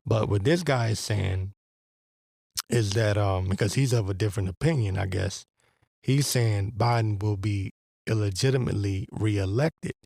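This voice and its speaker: A male podcast host rambles through blunt, profane religious commentary with a preacher-like edge, often restarting his thoughts. His voice is on the low side, darkish and marked by vocal fry, at normal speed. The studio sound is clean, with no room sound.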